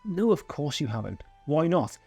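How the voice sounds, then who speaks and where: A man's voice: a little high, sing-song, normal speed, creaky, a little mellow, slightly rough, faint music behind. A Welsh man hosting film commentary, sarcastic and profane, mocking the film. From Wales. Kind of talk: sardonic commentary.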